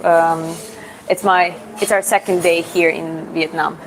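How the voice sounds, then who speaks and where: Gravelly Georgian-accented woman streamer. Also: on the low side, flat delivery, a little slow, poor audio. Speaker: livestream host and online fitness coach. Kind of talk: casual livestream Q&A reading chat questions.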